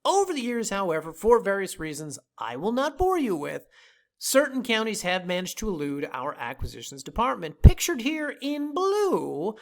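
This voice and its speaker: A woman hosting a land sales video, reading a scripted promotional voice-over in a playful, jokey, emphatic way. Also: mid-range voice. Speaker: land sales company host.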